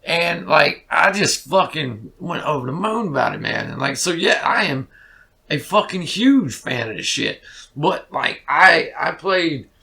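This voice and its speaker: A man with a gravelly, rough edge to his voice and a bright, forceful tone. He tells long, rambling stories as a guest on a casual interview show, swearing freely and leaning on fillers like "you know.". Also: on the high side, animated, measured pace. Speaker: podcast guest, musician.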